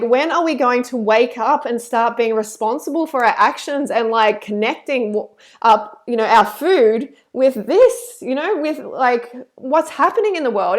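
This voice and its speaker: A woman hosting a live stream, chatty and effusive when thanking donors, and earnest and preachy when she campaigns. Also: fairly high pitch. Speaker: live stream host reading super chats.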